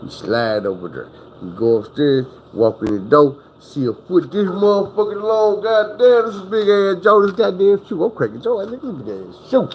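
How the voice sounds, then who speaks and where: A man's voice: high-pitched, animated, moderate pace, a little mellow, slight background noise, poor audio. A man telling a story in a casual, rambling, profane way, acting out the people he quotes.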